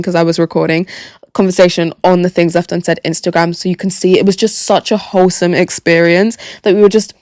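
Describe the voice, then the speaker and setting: Animated sweary woman. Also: on the low side, no room sound, clean studio sound. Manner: animated, sweary, repeats phrases for emphasis. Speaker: podcast host. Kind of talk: casual solo storytelling.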